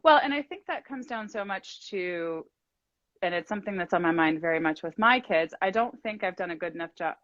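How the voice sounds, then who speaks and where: A woman's voice: lowish voice, lively intonation, brisk, fairly bright tone, no echo. Woman host, middle-aged, life coach, encouraging, affirming, dull lo-fi audio, dry. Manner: encouraging, affirming, talks at length. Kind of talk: casual live-stream chat.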